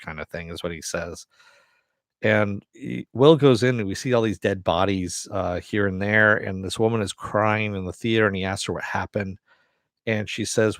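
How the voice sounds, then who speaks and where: A man's voice: lowish voice, normal speed, no room sound, clean studio sound. A man casually recapping a TV episode, rambling along with frequent fillers. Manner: rambling retelling with many fillers. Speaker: TV episode reviewer.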